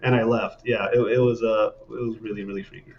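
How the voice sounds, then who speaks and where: A man's voice: on the low side, flat delivery, quick pace, a little hiss or hum. A man in casual conversation, rambling through eerie personal stories with many fillers, guest on a paranormal podcast. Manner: rambling, laid-back, frequent fillers. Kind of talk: casual storytelling. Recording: dull lo-fi sound.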